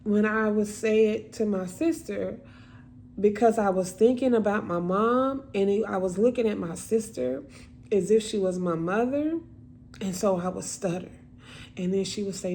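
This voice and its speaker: A woman telling a painful personal story in a repetitive, emotional, halting monologue. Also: a little high, dark tone, a little hiss or hum.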